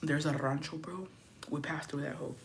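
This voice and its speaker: A young woman hosting a casual livestream, chatting loosely and reading out viewer comments in a loud, profane, animated way that drops now and then into hushed whispers. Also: sits low, normal speed, creaky, a little hiss or hum. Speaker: livestream host.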